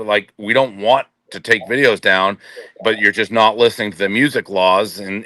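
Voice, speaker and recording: A man's voice: on the low side, pushed and bright, dry recording. A man on a podcast panel, ranting in a profane, exasperated and blunt way. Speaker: company boss on a podcast panel. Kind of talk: heated casual rant.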